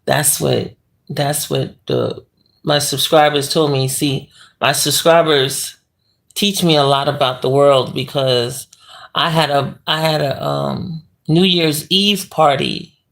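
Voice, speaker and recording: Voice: medium pitch, takes it slowly, creaky, a bit bright. A livestream host lying in bed in a bedroom, chatting casually and rambling with the viewers' chat and laughing often.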